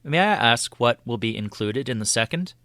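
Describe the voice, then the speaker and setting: A man's voice: medium pitch, expressive, moderate pace, pushed and bright, no room sound. A man voicing a skeptical male visitor who questions his host in a wry way.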